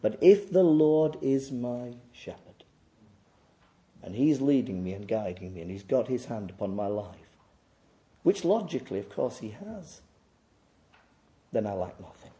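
A man preaching a sermon, swinging between loud emphatic declarations and quieter reflective passages. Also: mid-range voice, very animated, a little slow. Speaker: pastor.

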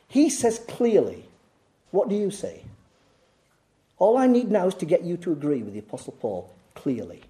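This man's sermon is insistent and emphatic, full of repeated key words and rhetorical questions to the congregation. He shifts between urgent, raised passages and hushed asides, his voice on the high side.

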